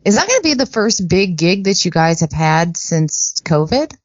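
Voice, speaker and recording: A woman's voice: on the low side, sing-song, moderate pace, no room sound. A woman co-hosting a casual podcast, chatty and teasing, laughing easily. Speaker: podcast co-host. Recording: dull lo-fi podcast audio.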